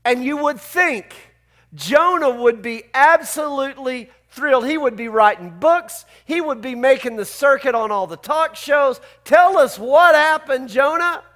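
A man's voice: very high-pitched, animated, measured pace, a bit bright. A man preaching a sermon as pastor, conversational and emphatic, full of rhetorical questions to his church.

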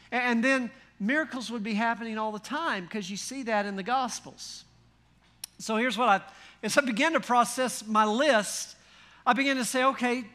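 Animated high-voiced male preacher. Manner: folksy and animated, with rhetorical questions and wry humor. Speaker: pastor. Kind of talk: sermon.

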